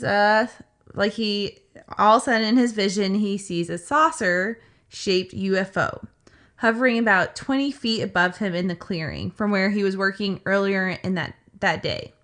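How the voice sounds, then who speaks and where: Speaking at a measured pace, a podcast co-host with a medium-pitched, slightly bright voice recounts a story. Her delivery is casual and chatty, heavy on "like," with quotes performed in character.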